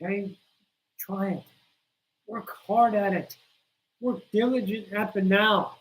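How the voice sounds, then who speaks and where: A woman's voice: mid-range voice, steady tone, slow pace, rough recording. A woman hosting a spiritual teaching livestream, talking to her viewers bluntly, swearing freely and driving points home with insistent repetition. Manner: blunt, profane, preachy.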